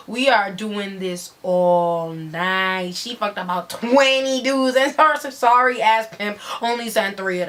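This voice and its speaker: A woman's voice: mid-range voice, a bit bright. A woman giving a dramatic story reading in a brash, profane, slangy way.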